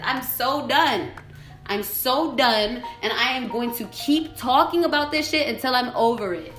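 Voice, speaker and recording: High-voiced woman ranting on a podcast. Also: animated, unhurried, a bit bright. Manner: swears constantly, repeats herself, angry ranting. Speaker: podcast host. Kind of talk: solo podcast venting. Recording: echoey room with faint music.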